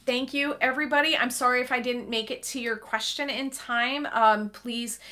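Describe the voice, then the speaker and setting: A woman's voice: a little high, steady tone, moderate pace, pushed and bright. A woman clarinet teacher answering questions in a live online Q&A, chatty and full of um fillers.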